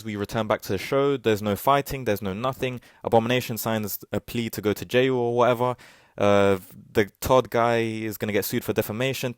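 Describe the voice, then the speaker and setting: A man's voice: lowish voice, clear, resonant tone, no echo, clean studio sound. A man recapping a TV episode in a sarcastic, mocking, profane way, stretching repeated words for ironic stress. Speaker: TV show reviewer.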